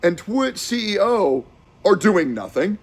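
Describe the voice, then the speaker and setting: Male streamer, husky, high voice, animated and agitated, profane rant. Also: measured pace. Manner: agitated, profane, swings between shouting and mutters. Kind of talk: heated commentary rant.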